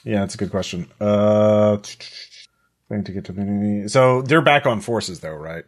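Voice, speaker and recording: A man's voice: fairly low pitch, unhurried. A man playing a tabletop game, talking casually with hesitations and wry remarks. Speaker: player.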